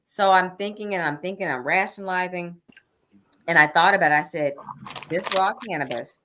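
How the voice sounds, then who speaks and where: Bright-voiced woman telling a story. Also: fairly low pitch, fairly quick, slight background noise. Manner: animated, acts out her own quoted thoughts. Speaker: guest storyteller. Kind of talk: casual anecdote telling.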